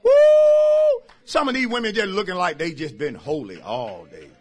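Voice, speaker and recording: A man preaches a sermon, calling out lines and chuckling with the congregation. His voice sits high and bright, and it swings wildly from low mutters to soaring shouts. There is a slight husky edge to it. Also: wildly swooping pitch, fairly quick. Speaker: pastor.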